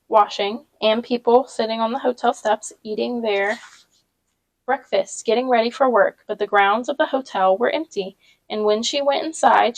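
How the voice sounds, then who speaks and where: A woman reads a novel aloud with a steady, unhurried storytelling delivery. Her voice sits a bit high. Small slips and quick asides slip in along the way. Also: rough recording. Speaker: reader.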